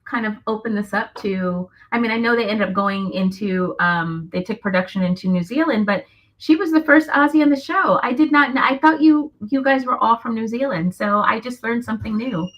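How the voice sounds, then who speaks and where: A woman's voice: on the high side, fairly quick. A woman co-hosting an interview, chatty and openly reacting to what she has just learned. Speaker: co-host. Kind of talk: casual interview chat. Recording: dull lo-fi audio.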